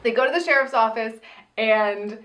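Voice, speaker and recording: A woman's voice: fairly high pitch, moderate pace, fairly bright tone, reverberant, a little hiss or hum. A woman co-hosting a movie podcast, giggly and sarcastic in casual chat.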